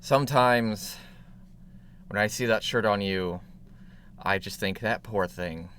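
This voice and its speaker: A man's voice: fairly low pitch, takes it slowly, fairly bright tone, smooth. A man voicing a semi-elderly human tailor who grumbles sarcastically about his customer. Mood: wry. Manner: sarcastic, put-upon shopkeeper.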